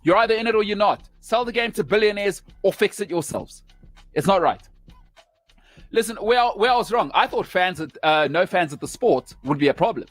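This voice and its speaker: A man's voice: high-pitched, animated, moderate pace, faint music behind. A man hosting a sports show, delivering an opinionated rant in emphatic, punchy short phrases.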